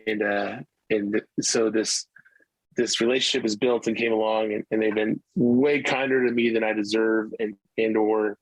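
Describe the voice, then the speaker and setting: A man's voice: fairly low pitch, little pitch movement, moderate pace, dry recording, poor audio. A middle-aged male musician telling stories in a casual interview, rambling with many restarts. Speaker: musician guest.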